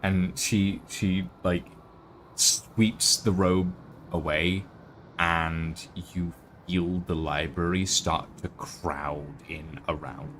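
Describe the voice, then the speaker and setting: A man narrating as game master in a tabletop game, with halting, filler-heavy delivery. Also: low voice, fairly even intonation, a bit bright, a little hiss or hum.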